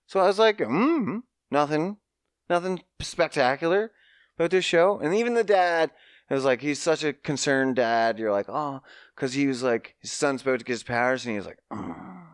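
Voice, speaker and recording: A man hosting a casual podcast, telling a story with mocking high-pitched asides and swearing. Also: expressive, moderate pace, smooth, no room sound, studio quality. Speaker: podcast host.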